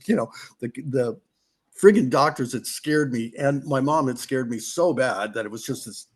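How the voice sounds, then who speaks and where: A man's voice: mid-range voice, animated, normal speed, gravelly, breathy edge. A middle-aged man from California tells old racing stories on a podcast. He rambles loosely, breaks off and restarts his sentences, and slips into the voices of the people he quotes. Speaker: podcast guest, former off-road racer. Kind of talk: casual storytelling.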